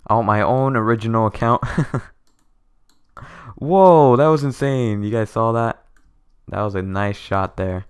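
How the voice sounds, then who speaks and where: A young man giving excited gameplay commentary to his viewers as a streamer, stammering and thanking them over and over, with keyboard clicks near his microphone. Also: mid-range voice, slow pace, clear, resonant tone. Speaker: gaming streamer.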